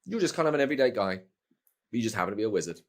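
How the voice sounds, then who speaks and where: A man's voice: fairly low pitch, very animated, racing. A middle-aged British man, a voice actor, chatting casually in an interview, rambling with restarts and playful asides. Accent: British English. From Britain. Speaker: voice actor guest.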